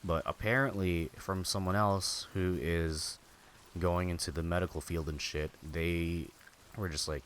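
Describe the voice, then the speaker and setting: Deep-voiced man venting on stream. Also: fairly even intonation, a little slow, fairly bright tone, slight background noise. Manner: rambling, heavy filler words, swearing; venting, bitter. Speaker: game streamer. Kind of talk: casual chat while gaming.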